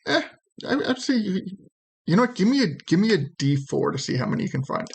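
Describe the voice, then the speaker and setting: A man running a tabletop role-playing game as game master, describing scenes in a hesitant, halting way with many restarts. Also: sits high, very animated, vocal fry, slightly rough.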